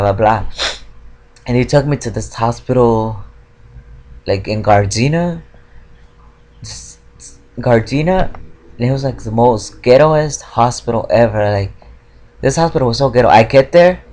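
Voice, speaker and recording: A man's voice: mid-range voice, a little mellow. A young man telling a story in a casual vlog, rambling with many fillers and heavy swearing, frustrated. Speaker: vlogger.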